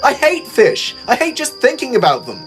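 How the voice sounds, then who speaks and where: A man voicing a small, eager young male tank engine who talks high and loud. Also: huge pitch swings, normal speed, faint music behind, exaggerated voice. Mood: exasperated.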